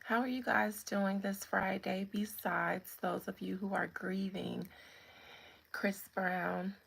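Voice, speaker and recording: A woman hosting a live spiritual chat stream, talking casually and greeting viewers by name in a relaxed way. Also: mid-range voice, slow pace, vocal fry, slightly rough.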